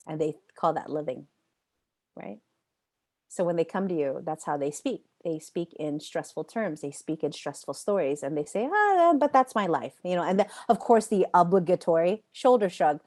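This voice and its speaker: A woman with a low, warm voice and some vocal fry teaches a live online yoga training class. Chatty and emphatic, she repeats phrases for effect and responds to students' typed questions by name.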